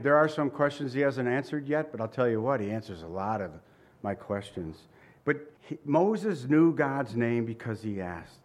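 A man preaching a sermon with emphatic repetition and light asides, now and then chuckling. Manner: emphatic, repeats phrases, shifts pitch for quoted lines.

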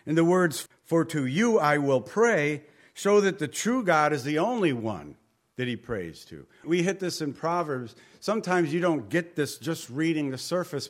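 Male preacher, somewhat high voice, conversational Bible study sermon, swings between loud and hushed. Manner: conversational, varies volume, drops to near whisper. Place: room with a group.

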